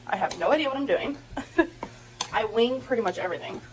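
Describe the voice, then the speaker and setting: A woman's voice: a little high, lively intonation, moderate pace, noisy background. A stuffed-up woman chatting casually and giggling as she cooks in her home kitchen for a vlog. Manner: chatty, giggly, talks to viewers. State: congested from a cold. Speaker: vlogger. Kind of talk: casual cooking vlog chat.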